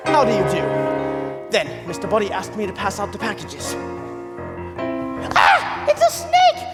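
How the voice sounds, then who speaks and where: A man's voice: high-pitched, brisk, natural voice. Man playing a fussy, theatrical butler. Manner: dramatic, animated storytelling. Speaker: butler narrating the story. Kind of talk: stage play acting. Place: school stage. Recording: long hall reverb with loud music.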